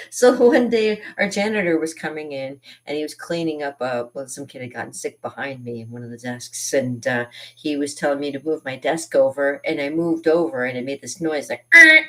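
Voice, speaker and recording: A woman who works as a party artist chats casually and briskly on a live stream from her studio. She rambles and laughs between phrases, her pitch jumping up suddenly whenever she gets excited.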